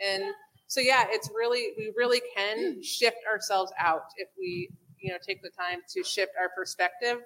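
A woman chatting quickly about faith and retelling what people have told her. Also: on the high side, expressive, vocal fry, fairly bright tone, poor audio. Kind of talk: casual faith talk.

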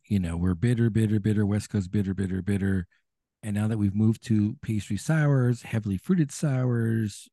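Gravelly, mellow-toned man chatting. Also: on the low side, dry recording, studio quality. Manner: chatty, talks in quick restarts. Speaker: podcast co-host. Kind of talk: casual chat.

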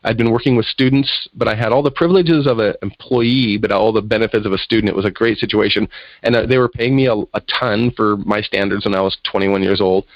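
A man's voice: on the low side, quick pace, no echo, dull audio. A man, a guest in an interview, telling a personal story in conversation and acting out the voices of people in it. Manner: animated storyteller acting out quotes.

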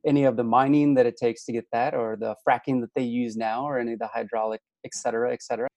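A man's voice: mid-range voice, flat delivery, quick pace, darkish tone, no room sound. A man with a Midwestern accent, a podcast guest and hydrologist, rambling through playful explanations. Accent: Midwestern American. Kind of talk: casual podcast chat.

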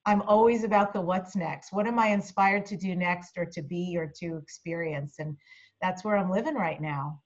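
A woman's voice: fairly low pitch, moderate pace, highs cut off. A woman being interviewed as a guest, chatty and reflective as she talks about her career. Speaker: interview guest, media coach. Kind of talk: casual interview chat.

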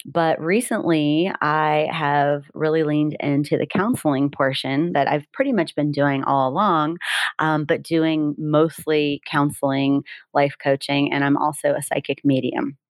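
Low-voiced playful Southern-raised woman. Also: no room sound. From Southern United States. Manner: easygoing, laughs often, playful. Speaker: podcast guest, psychic medium and counselor. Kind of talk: casual interview chat over video call. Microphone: video call.

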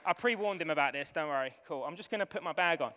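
A man preaching a sermon to his church, excitable and building to fervent shouting, with a live demonstration. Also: fairly high pitch, quick pace, noisy background. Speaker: pastor. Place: church hall. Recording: long hall reverb with music behind.

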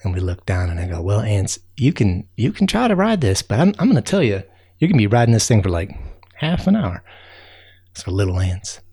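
A man voicing a chatty male raccoon who tells a rambling, excitable tall tale, full of fillers and sound effects, with a gravelly voice. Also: lowish voice, brisk, exaggerated voice. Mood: excited. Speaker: storyteller.

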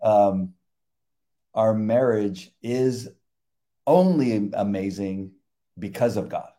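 An older man, a retired police officer, talking about faith in a halting, reflective way with many restarts. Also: on the low side, lively intonation, dark tone. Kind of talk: casual faith conversation.

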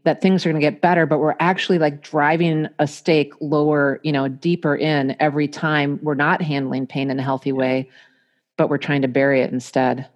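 A woman with a low voice hosts a relaxed podcast chat. She asks measured, thoughtful questions and mentions her own clients. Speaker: podcast host. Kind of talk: casual podcast conversation.

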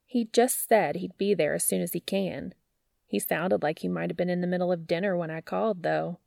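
A woman plays a slimy male building manager with a whiny, nasal voice who talks slyly and takes smug pleasure in others' trouble. The voice carries a gravelly edge with a dry, close sound. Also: lowish voice, animated, unhurried, no echo, exaggerated voice. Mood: gleeful. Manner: sly, gleeful and smug.

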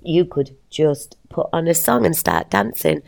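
Lady podcaster, playful and chatty, dry close recording, gravelly. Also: deep voice, measured pace, no room sound. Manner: animated and playful, laughs often. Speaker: podcast host and teacher. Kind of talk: casual motivational monologue.

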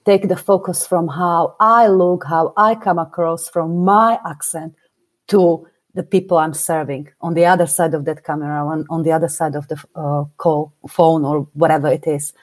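A woman's voice: low voice, fairly even intonation, normal speed. A woman speaking English with a foreign accent, a business coach giving emphatic interview answers point by point. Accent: non-native English accent. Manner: emphatic, builds points in numbered steps.

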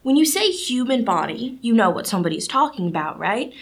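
A woman's voice: a little high, a little fast. A teenage girl hosting a student podcast, talking casually and animatedly, with lots of fillers. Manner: chatty and animated, lots of "like" and "you know". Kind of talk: casual solo podcast monologue.

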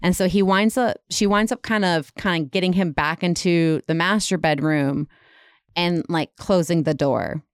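A woman with a smooth, clear voice tells a dramatic story in a loose, chatty way, full of "like" and "kind of." The sound is dry and close, with no room around it. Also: lowish voice, moderate pace, no echo. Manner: dramatic retelling with many fillers. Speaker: podcast storyteller. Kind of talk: casual storytelling.

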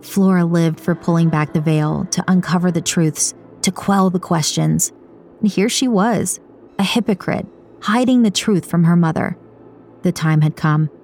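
A woman reading a novel aloud in steady, scripted narration. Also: on the low side, moderate pace, slight background noise. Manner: steady storytelling. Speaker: audiobook narrator.

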